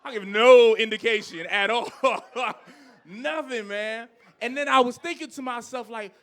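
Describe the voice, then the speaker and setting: A man in his thirties performing a stand-up comedy set on a club stage, ranting with loud outbursts and dropping into low asides. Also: unhurried. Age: 30s.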